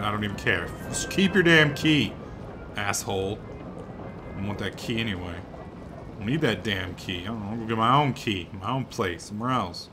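A young man giving sarcastic, profane let's play commentary, swinging between muttering and excited shouting. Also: on the low side. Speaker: gaming commentator.

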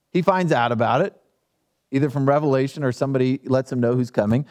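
A male pastor delivers a sermon as relaxed storytelling, full of playful asides. His voice sits a little high and swings widely in pitch. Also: fast talker.

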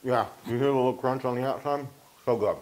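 A man's voice: medium pitch, quick pace, a little mellow, slight background noise. A man co-hosting a cooking show, chatting enthusiastically and sometimes talking with his mouth full. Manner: enthusiastic, talks while eating. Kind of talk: casual cooking chat.

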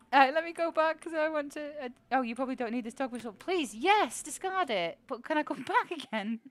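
A woman's voice: high voice, lively intonation, fairly quick, few pauses, dry recording. Giggly, sweary woman streaming. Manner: giggly, swears a lot, talks to chat. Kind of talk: live-streamed gameplay chatter.

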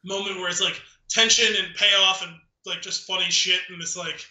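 Casual male podcast co-host, high piercing voice, sits back from the mic in a roomy space. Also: normal speed, far from the mic. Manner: animated, acts out movie lines, laughs often. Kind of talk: casual movie discussion.

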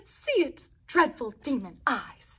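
A woman's voice: high voice, very animated, slow, bright, forceful tone, voice pushed up, heavily acted. A woman voicing a menacing male carnivorous dinosaur in a read-aloud storybook, with a gloating, threatening delivery. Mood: terrified.

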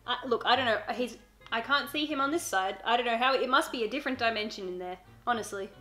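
A woman's voice: fairly high pitch, quick pace, sharp tone, faint music behind. A young woman YouTuber talking in a casual unboxing vlog, earnest and emotional, with frequent giggles. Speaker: beauty YouTuber.

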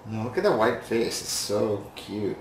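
A man's voice: on the low side, big pitch swings, unhurried. A father chatting casually and enthusiastically with his young son in a home video. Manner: enthusiastic, doting. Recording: echoey room with faint hiss.

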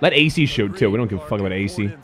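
A young man streaming a basketball video game, yelling and swearing loudly at the players as he commentates. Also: on the low side, lively intonation, very fast. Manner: loud, profane, yelling at the game. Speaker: gaming streamer. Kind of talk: excited gameplay commentary.

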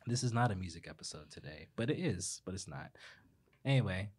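A man's voice: low voice, brisk, slightly rough. A man hosting a podcast in casual, teasing chat with his co-hosts. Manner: animated, laughing, teasing. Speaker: podcast host.

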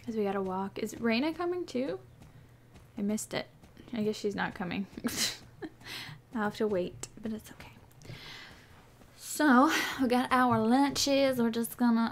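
A chatty woman with a fairly high voice gives casual play-by-play commentary on a horse-riding game. She giggles often and talks to herself, and her voice is slightly hoarse. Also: lively intonation, measured pace, pauses often. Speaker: gaming YouTuber.

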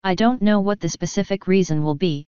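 A woman's voice: medium pitch, fairly quick, mellow, smooth, dry recording, dull audio, close to an everyday voice. A woman reading the part of a bedraggled female unicorn who speaks bitterly and intensely. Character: bedraggled young unicorn mare, bitter and desperate.

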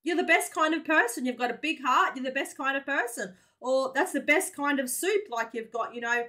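Aussie woman host, high and sharp-toned, bubbly slang-filled reaction chat. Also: brisk. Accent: Australian. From Australia. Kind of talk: casual reaction commentary.

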